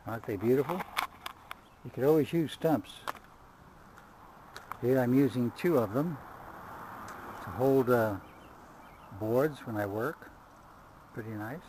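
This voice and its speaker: A man's voice: medium pitch, takes it slowly, long pauses, dark tone, a little hiss or hum, low-quality recording. An older man giving a chatty running commentary outdoors as he works on his car. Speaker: vlogger. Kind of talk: casual do-it-yourself vlog.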